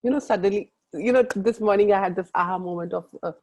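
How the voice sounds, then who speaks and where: A middle-aged Indian-accented woman coaching a group over a call. Her voice is soft and mellow, and she talks in long, earnest, rambling runs, often calling out to her listeners directly. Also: mid-range voice, fast, rough recording. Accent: Indian English. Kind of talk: motivational group call talk.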